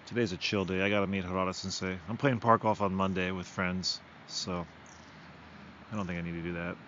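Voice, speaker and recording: A podcast host musing casually to the mic outdoors by a river, in a relaxed, rambling manner. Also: male voice, sits low, a little fast, highs cut off, slight background noise.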